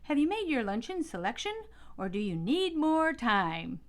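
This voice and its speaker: A plucky, quick-witted girl detective, high and bright in tone, as a woman reading aloud puts her on. She shrieks when scared and then turns primly formal, like a tiny waitress taking orders. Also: sing-song. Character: bold, spunky young girl sleuth.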